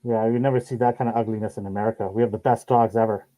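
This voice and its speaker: A man's voice: lowish voice, steady tone, very fast, mellow, close to an everyday voice, low-quality recording. A man putting on the voice of a boastful, self-important male politician who brags and repeats himself. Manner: bragging, repetitive, dismissive of others.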